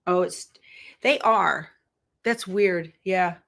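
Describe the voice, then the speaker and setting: A woman's voice: on the low side, slow, gravelly, a bit bright. A woman hosting a quilting show, chatting casually to viewers and herself as she sorts her craft room. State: out of breath at times. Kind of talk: casual chat while tidying. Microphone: earbuds.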